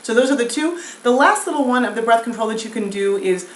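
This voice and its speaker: A woman's voice: fairly high pitch, fast talker, recorded from a distance. Woman voice teacher, casual and chatty, sings little scales to demo, roomy echo. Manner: demonstrates with sung scales and hissed S sounds; relaxed, chatty explaining with fillers. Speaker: vocal coach. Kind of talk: singing lesson. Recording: echoey room with faint noise.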